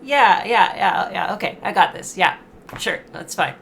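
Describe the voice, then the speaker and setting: A woman's voice: fairly low pitch, animated, a little slow, gravelly, fairly bright tone, slight background noise, heavily acted. A woman voicing a cocky eleven-year-old witch boy who talks eagerly and brashly, tumbling over repeated words.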